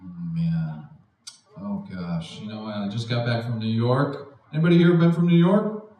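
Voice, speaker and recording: A young man doing a stand-up comedy set, animated, often jumping into high mocking voices for the people he quotes. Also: moderate pace, lo-fi sound. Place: art house venue with live audience. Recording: echoey room, distant mic, faint noise. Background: audience laughter.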